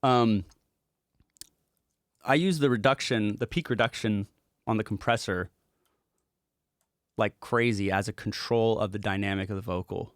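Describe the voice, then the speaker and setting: A man's voice: on the low side, measured pace, pauses often, no room sound, studio quality. A man who is a music producer, walking through a project in a casual livestream, talking loosely and rambling with casual swearing.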